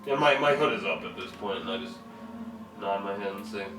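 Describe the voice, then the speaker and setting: Tabletop player, man, low voice, halting delivery; distant mic, echoey room, music behind. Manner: hesitant, stumbling over words.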